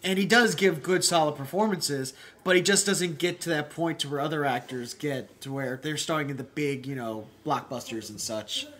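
A man's voice: fairly high pitch, moderate pace, hardly any pauses, fairly bright tone. A young man co-hosting a casual film commentary, chatty and musing, laughing often.

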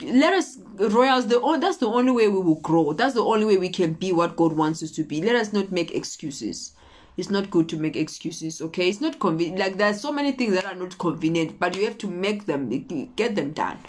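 A woman preaches a motivational sermon, exhorting her listeners, repeating her points, and often checking in with "okay?" Her voice is lowish and animated, at a moderate pace.

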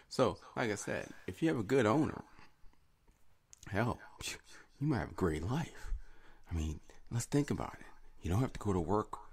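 A man's voice: a bass voice, vocal fry, a little mellow, husky. A man hosting a podcast alone, rambling in a crude, wry, casual monologue. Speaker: podcast host.

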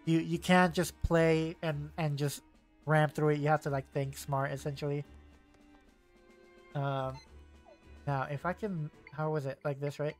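A man's voice: on the high side, flat delivery, a little slow, pauses often, faint music behind. A young man streaming a video game, chatting casually and rambling with lots of fillers and self-corrections. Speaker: gaming streamer. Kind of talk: casual let's-play chat.

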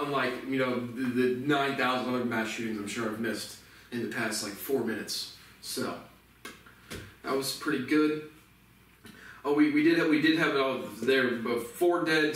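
A man rambles in a sarcastic, profane vlog, chuckling between his points. His voice sits at an ordinary pitch. It echoes heavily off the room, and the mic is far back. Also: a bit bright. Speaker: vlogger. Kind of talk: casual rambling monologue.

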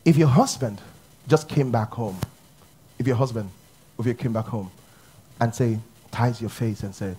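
A man preaching a sermon, shifting from loud exclamations to hushed, intimate speech. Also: medium pitch, normal speed, long pauses, a little hiss or hum. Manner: dramatic swings between shouting and hushed speech. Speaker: pastor.

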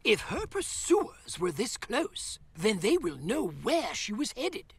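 A man's voice: high voice, wildly swooping pitch, takes it slowly, fairly bright tone, slightly rough, voice pushed up, heavily acted. A man voicing a flustered, kindly old male wizard with fussy, old-fashioned exclamations in a storybook game. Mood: urgent.

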